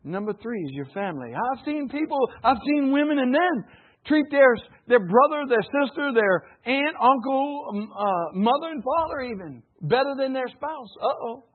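Male pastor, husky high voice, folksy and animated, phone-thin sound. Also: normal speed. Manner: folksy, animated, calls for audience responses, laughs often. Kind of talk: sermon. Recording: phone-like narrow band.

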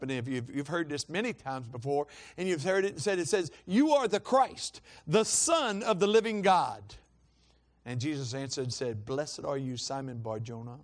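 A male preacher giving a sermon, shifting from easy storytelling with repeated words to loud, fervent proclamation. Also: medium pitch. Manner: builds from conversational storytelling to shouting fervor; repeats and restarts words while telling stories.

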